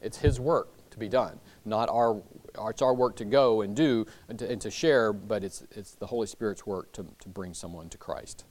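A man's voice: fairly low pitch, normal speed, a little mellow. A man teaching a church Bible class, talking loosely with many fillers and restarts.

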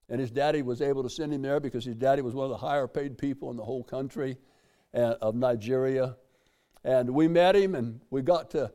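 A man's voice: medium pitch, mellow. An older man, preaching a sermon in a folksy way, repeating phrases and reading scripture aloud. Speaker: pastor.

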